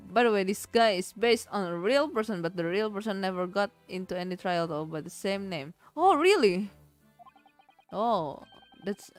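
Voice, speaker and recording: Indonesian-accented woman streaming a game, playful, unhurried, faint music behind. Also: on the low side. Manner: playful, giggly, mixing languages. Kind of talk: casual game-stream chat.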